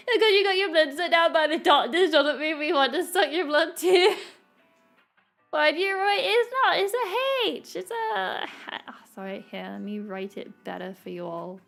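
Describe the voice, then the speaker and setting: A woman's voice: very high-pitched, big pitch swings, a little slow, gravelly, fairly bright tone. A woman streamer chatting casually while she draws, rambling and laughing often. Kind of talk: casual chat while drawing. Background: faint background music.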